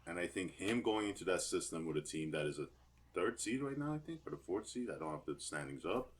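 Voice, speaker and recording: A man's voice: low voice, lively intonation, fairly quick. A man co-hosting a casual basketball podcast, thinking aloud with hesitations. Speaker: podcast co-host. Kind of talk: casual sports chat.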